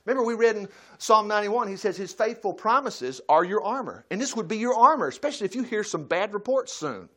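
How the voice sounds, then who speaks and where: Folksy high-voiced preacher. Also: male voice. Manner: folksy, swings from loud bursts to quiet asides. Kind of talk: sermon.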